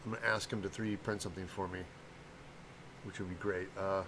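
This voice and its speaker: Gravelly man chatting on a livestream. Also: low-pitched, flat delivery, fairly quick, noisy background. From American Midwest. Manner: rambling, chatty, greets viewers, stumbles over names. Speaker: livestream host and prop maker. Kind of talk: casual livestream chat.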